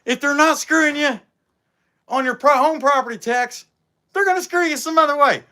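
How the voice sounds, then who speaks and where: High-voiced rambling man. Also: normal speed, poor audio. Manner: rambling, folksy, grumbling banter. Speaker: chainsaw carver and livestream host. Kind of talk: casual livestream chat while working. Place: outdoor carving workshop. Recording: loud outdoor noise behind.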